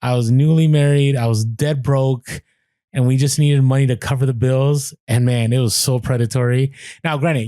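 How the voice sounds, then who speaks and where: A man's voice: medium pitch, dark tone, no echo. A man co-hosting a podcast in casual chat, reading out statistics and breaking off for offhand asides. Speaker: podcast co-host.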